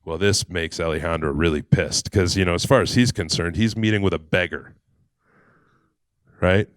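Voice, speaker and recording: A man's voice: low-pitched, normal speed, dry recording, studio quality. A man telling a story in a conversational talk, with fillers and acted quotes. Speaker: speaker.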